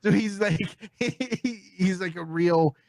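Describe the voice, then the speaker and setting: A man hosting a casual podcast, telling stories with animated energy, often putting on voices and laughing. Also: high-pitched, slow pace, vocal fry, no echo. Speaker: podcast host.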